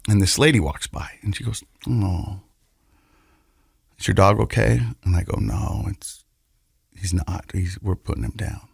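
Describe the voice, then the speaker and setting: A middle-aged man co-hosting a podcast, telling a personal story in an earnest, halting way and often repeating his words. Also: sits low, creaky, husky, no room sound, studio quality. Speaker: podcast co-host.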